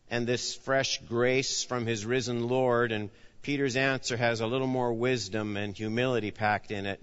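A man preaching a sermon, acting out the dialogue of his story and swinging between loud emphasis and hushed, low delivery. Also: big-room sound, muffled recording. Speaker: pastor.

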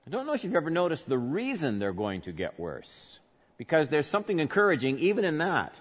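A male pastor preaching a sermon, swinging from soft, low murmurs to loud, emphatic peaks. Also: sing-song, brisk, breathy edge. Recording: dull sound with long hall reverb.

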